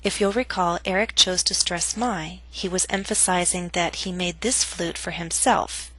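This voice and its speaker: A woman teaching English pronunciation, reading scripted instructions and slow model sentences for learners to repeat. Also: fairly low pitch, fairly even intonation, bright, forceful tone, rough recording.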